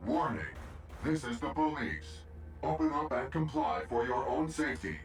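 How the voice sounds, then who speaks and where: A man voicing a male robot police patrol unit in a video game, speaking in flat, clipped announcements. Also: medium pitch, moderate pace, lightly acted. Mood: commanding. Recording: echoey reverberant sound with music under it.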